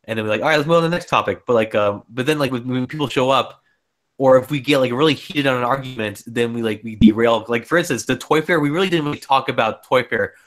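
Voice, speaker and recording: A man's voice: mid-range voice, fast talker. A man hosting a casual livestream podcast, rambling with frequent restarts. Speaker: podcast host.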